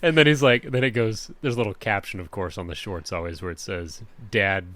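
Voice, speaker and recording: A man's voice: on the low side, a little fast. A man co-hosting a podcast in casual chat, telling stories and acting out the voices of the people in them. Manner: animated storyteller, acts out voices. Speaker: podcast co-host.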